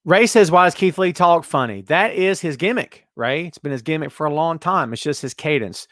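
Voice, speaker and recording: A man hosting a casual wrestling talk show, reading out viewer comments with sarcastic, animated commentary. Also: on the high side, moderate pace, hardly any pauses, dry recording, studio quality. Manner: sarcastic, animated, mocking put-on voices. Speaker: podcast host.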